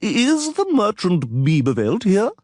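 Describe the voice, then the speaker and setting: Man reading pompous crowing official, shrill and husky. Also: huge pitch swings, a little slow, a little mellow, no echo, full character voice. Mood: indignant. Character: skinny pompous male town official.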